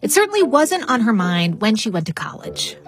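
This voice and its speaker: Woman host, scripted narration, measured delivery, faint music behind. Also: on the high side, sing-song. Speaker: radio host.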